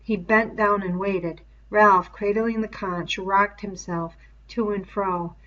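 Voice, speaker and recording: A woman reading a novel aloud in slow, measured storytelling. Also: mid-range voice, fairly even intonation, fairly bright tone, muffled recording. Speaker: reader.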